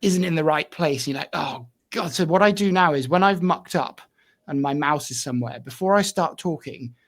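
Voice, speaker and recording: A man's voice: on the high side, a little fast. Thoughtful man co-hosting a chat. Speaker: podcast co-host. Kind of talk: casual podcast chat.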